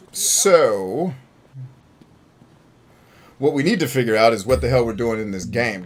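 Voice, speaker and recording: A man hosting a gameplay stream, joking, rambling and talking to his chat. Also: lowish voice. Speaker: gaming streamer host. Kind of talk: casual gameplay commentary.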